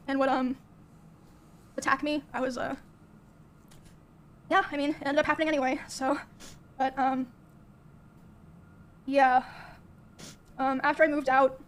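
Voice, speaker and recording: Young woman, high and fairly flat voice, soft-spoken, halting, recounting her own story with many fillers. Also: slight background noise. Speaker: streamer.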